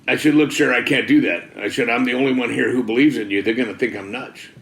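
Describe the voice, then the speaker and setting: A middle-aged man tells his life story as a testimony, folksy and loose, with plenty of "man" and "you know". His voice sits at an ordinary pitch. It rings in a roomy, echoey space. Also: fast, creaky, a bit bright, a little hiss or hum. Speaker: testimony speaker.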